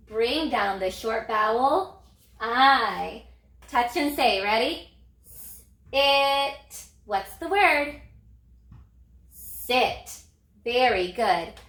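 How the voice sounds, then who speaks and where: A woman teaching young children a phonics lesson in a slow, sing-song teacher voice with lively prompts. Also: on the high side, reverberant. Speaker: elementary reading teacher.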